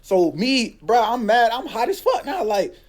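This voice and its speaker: A man's voice: extremely high pitch, very animated, a little slow. A young man casually telling a story, with lots of slang, saying "bro" constantly and acting out what people said.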